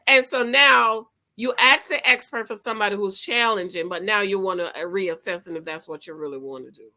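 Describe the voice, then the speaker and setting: A woman giving a sassy, animated recap of a reality TV episode, talking straight to her viewers. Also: mid-range voice, brisk. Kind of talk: casual recap commentary.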